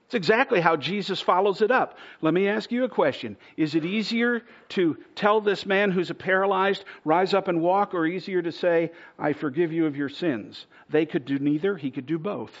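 A man in the pulpit preaching with earnest conviction, his voice sitting a little on the high side. He swells to near-shouts and sinks to soft, hushed emphasis. The recording is dull and lo-fi. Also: moderate pace, few pauses. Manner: earnest preaching, swells louder to a near-shout at points, drops to a hush on key words. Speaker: pastor. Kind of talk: sermon.

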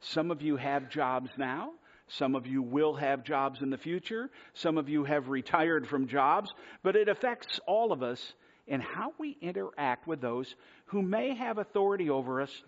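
A man preaching a sermon, telling a self-deprecating personal story in a conversational way. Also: on the high side. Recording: dull lo-fi sermon recording.

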